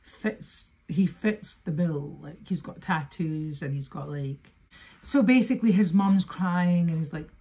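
A young woman chats through a music video reaction, openly emotional and speaking straight to her viewers. Her voice sits a little low with a husky, breathy edge. She talks in a loose, casual, conversational way. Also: measured pace, dark tone.

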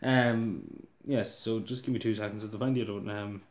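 A man's voice: lowish voice, fairly even intonation, normal speed, echoey room. A young Irish man venting in a casual vlog, tired and restless, who keeps restarting his sentences and climbs into exasperated outbursts. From Ireland. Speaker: vlogger.

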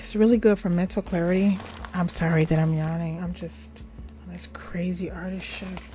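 An older woman hosting a casual craft tutorial, chatty and rambling, with self-affirmations and the odd soft whisper. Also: lowish voice, steady tone, normal speed, faint music behind. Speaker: craft and magic video host.

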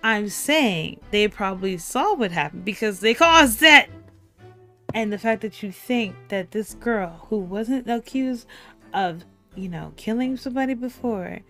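A woman's voice: medium pitch, lively intonation, measured pace, sharp tone. A young adult woman streamer giving blunt, exasperated commentary while playing and reading a game aloud. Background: faint game music.

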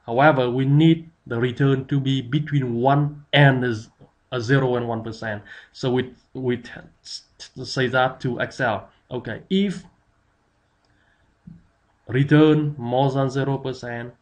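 A man giving a tutorial, explaining step by step with many fillers. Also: medium pitch. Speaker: instructor. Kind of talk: screen-recorded software tutorial.

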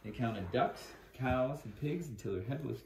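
A man reads a bedtime picture book aloud to his small child in a gentle, storytelling manner. He sits well back from the mic in an echoey room, with steady household noise behind him. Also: medium pitch, moderate pace, distant mic. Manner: reads gently, often breaking off to talk to the toddler and dogs. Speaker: father reading to his toddler. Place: living room at home.

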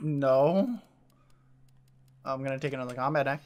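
A man's voice: medium pitch, normal speed, a little mellow. A man playing a horror video game with friends, joking and laughing a lot in casual banter. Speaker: player. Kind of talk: casual let's-play banter.

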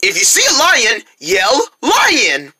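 Upbeat woman hosting a kids show, talks right to the little viewers, pitch jumps all over. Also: very animated, measured pace, sharp tone, a little hiss or hum. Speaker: host of a children's show. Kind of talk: children's show presenting.

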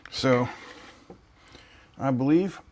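Casting: relaxed man, unhurried, mid-pitch, joking workshop commentary. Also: slight background noise. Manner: relaxed, joking, thinking aloud. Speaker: electronics hobby channel host. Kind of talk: casual build walkthrough.

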